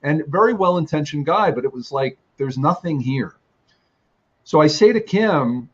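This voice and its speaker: A man's voice: fairly high pitch, lively intonation, moderate pace, muffled recording. A man telling a long personal testimony about his travels, rambling with restarts and fillers. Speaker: ministry teacher. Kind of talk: storytelling testimony.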